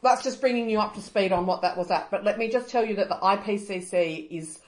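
An Australian woman co-hosting a podcast in casual chat, animated and fired up about the environment. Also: mid-range voice, fairly quick, roomy sound, poor audio. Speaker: podcast co-host.

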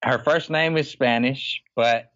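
A man from Oakland, a podcast guest, telling stories in casual chat, animated, laughing often and acting out other people's lines. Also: medium pitch, measured pace, no echo. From Oakland, California. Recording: dry, slightly dull lo-fi podcast audio.

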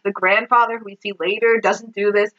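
Woman, podcast co-host, chatty movie recap, bright tone, muffled lo-fi sound. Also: medium pitch, brisk. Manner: animated, laughing, heavy use of "like". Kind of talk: casual movie recap chat.

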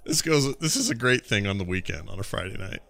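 A man's voice: fairly low pitch, animated, fast talker, vocal fry, fairly bright tone. A man making wry, amused asides during a tabletop game. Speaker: player.

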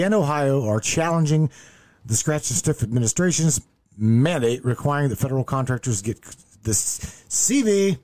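A man's voice: mid-range voice, a little mellow. A man hosting a podcast, reading the news aloud in a profane, sarcastic, rambling way. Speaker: podcast host. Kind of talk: casual news commentary.

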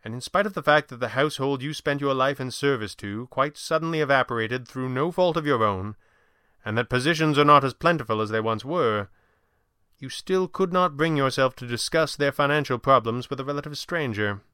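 A man's voice: medium pitch, brisk, pushed and bright, clear, resonant tone, no room sound, clean studio sound, natural voice. A man reading the lines of a wealthy male employer who speaks candidly and wryly, pressing his point. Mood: dry, probing. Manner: candid, wry, slightly pressing. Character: wealthy male employer, dry, blunt and impatient.

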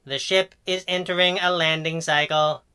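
A man's voice: fairly high pitch, steady tone, normal speed, bright, forceful tone, smooth, voice pushed up. A man voicing a small, dry, sardonic robot who sticks to the rules. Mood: matter-of-fact. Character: small grumpy rule-bound male robot on wheels.

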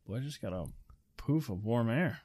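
In a casual chat about a movie, a man from the northeastern United States jokes around and acts out the characters' lines. His medium-pitched voice is expressive and a bit dark, moving at a normal speed. The dry, clean studio-quality sound was captured in an indoor room near a heater.

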